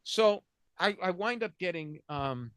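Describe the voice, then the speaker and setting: A man's voice: sits high, lively intonation, measured pace, a bit bright, clear, resonant tone, no echo, studio quality. Rambling man telling a story. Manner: rambling, self-interrupting, laughs through punchlines. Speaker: podcast host. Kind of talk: casual storytelling chat.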